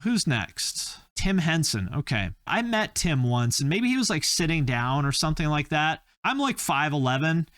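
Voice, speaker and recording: Male host, slightly high voice, rambling comedic riffing, dry close mic. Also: big pitch swings, moderate pace, hardly any pauses, a bit bright, no echo. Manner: rambling, joking, with filler-heavy tangents. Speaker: YouTube host. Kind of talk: comedic casual commentary.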